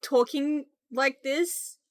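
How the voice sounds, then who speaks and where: A young woman live-streaming a game, chatting loudly and excitedly with her viewers. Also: high voice, very slow, no room sound. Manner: excitable, loud, bursts into squeals greeting chat. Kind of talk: casual live-stream chat while gaming.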